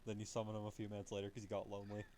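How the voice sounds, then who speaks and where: A man chatting casually while leading friends through an online game, explaining mechanics in a relaxed way with the odd swear. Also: lowish voice, racing, a little hiss or hum. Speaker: gamer leading the group. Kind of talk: casual chat while gaming.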